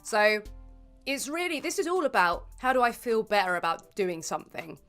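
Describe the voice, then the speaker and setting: A woman's voice: a little high, sing-song, moderate pace, fairly bright tone, soft background music. A woman guesting on a casual chat, exasperated and swearing freely. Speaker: guest YouTuber.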